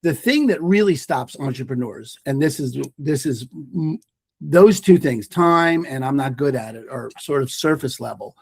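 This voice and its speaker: A man guesting on a podcast interview, an emphatic mindfulness teacher, makes his points through stories and repeats phrases for effect. His mid-range voice is creaky with a breathy edge, lively in intonation, at normal speed. The recording is dry.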